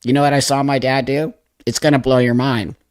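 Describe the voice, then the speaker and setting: A man's voice: mid-range voice, a little fast, clean tone, dry recording. A man in his sixties hosting a livestream, telling a personal story in a loose, emotional, profane way. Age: 60s. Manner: emotional, profane, animated retelling with acted-out quotes. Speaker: livestream host.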